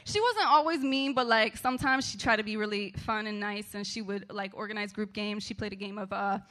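A woman's voice: medium pitch, fairly quick, bright, forceful tone. A woman telling a true story on stage in a chatty, laughing way, full of "like" and "right". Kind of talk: live storytelling performance.

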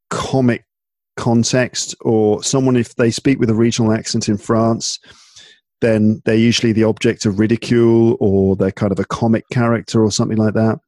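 A man with a fairly low voice talks in a relaxed, chatty way, thinking aloud with plenty of fillers and restarts. The sound is dry and close, with hardly any room. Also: no echo. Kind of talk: casual chat.

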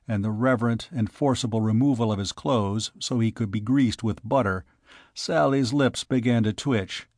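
An audiobook is narrated by a man in a measured, steady reading of scripted text. His voice falls in the mid range, and the sound is dry and clean, studio-grade.

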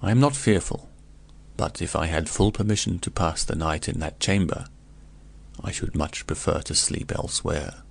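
A man's voice: low-pitched, moderate pace, gravelly. A man voicing a gossipy older male curiosity vendor who tells a grim tale in a chatty, meditative way. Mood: storytelling.

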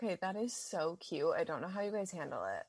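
A woman guest joins a casual chat, mostly chiming in with quick reactions. Her voice moves up and down freely. Clear crowd chatter sits behind her. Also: on the low side, expressive.

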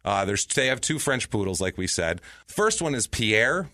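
A man casually telling a true crime story on a podcast, profane and animated, with sudden loud outbursts. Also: fairly low pitch, moderate pace, dry recording. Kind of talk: casual chat.

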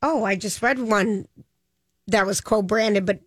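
A woman's voice: mid-range voice, measured pace, no echo, clean studio sound. A woman co-hosting a casual radio talk show, playful and giggly, telling small anecdotes. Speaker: radio co-host. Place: radio studio. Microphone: studio microphone.

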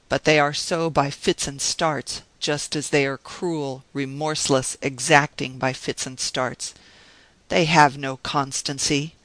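A man reading the part of a bitter, embittered man who rails forcefully against his lot. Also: a little high, no echo, low-quality recording. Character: bitter, embittered one-armed man, grim and scornful.

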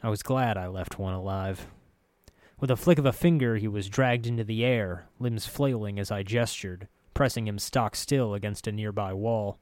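A man narrating a dark first-person fantasy story in a measured, vivid way. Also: lowish voice, no echo.

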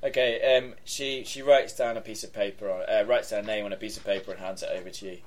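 Relaxed man running a tabletop game. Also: fairly low pitch, fast talker. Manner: relaxed, full of fillers. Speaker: game master.

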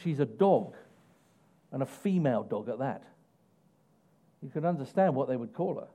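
A man preaching a sermon in an animated way, putting questions to the congregation. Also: medium pitch, moderate pace. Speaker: pastor.

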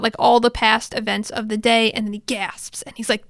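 A woman's voice: fairly high pitch, brisk, fairly bright tone, no room sound, studio quality. A woman casually recapping an episode, retelling scenes in a loose, chatty way with side remarks.

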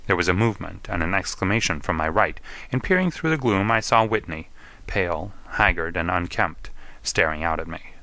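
Low-voiced man reading a story, bright tone, dry close mic. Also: animated, brisk, no room sound. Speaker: audiobook narrator. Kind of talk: first-person story narration.

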